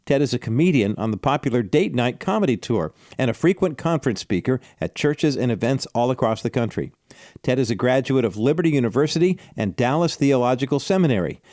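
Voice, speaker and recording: Man hosting a radio intro over soft music. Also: medium pitch, no room sound, clean studio sound. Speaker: radio host and announcer.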